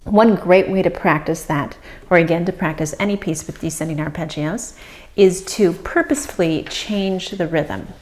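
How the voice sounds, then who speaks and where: Calm woman teaching harp. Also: fairly low pitch, normal speed. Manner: calm and explanatory, with soft fillers. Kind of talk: instructional explanation. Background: harp playing.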